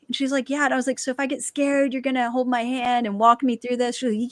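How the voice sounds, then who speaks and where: A woman, a dancer and author, telling her personal testimony as a guest and lively acting out the quoted dialogue. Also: on the high side, fast talker, few pauses, dry recording.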